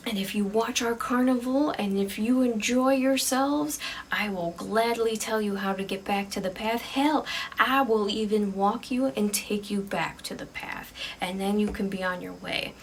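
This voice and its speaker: A woman voicing an odd, eager male carnival ticket clown with a showman-like, drawn-out, coaxing manner. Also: medium pitch, recorded from a distance, slight background noise, close to an everyday voice.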